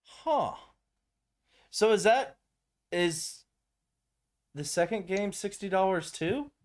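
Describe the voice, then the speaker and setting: A young man chats casually on his live gaming stream, his fairly high voice leaping up and down as he talks. He is animated and swears freely. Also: slow. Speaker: livestream host.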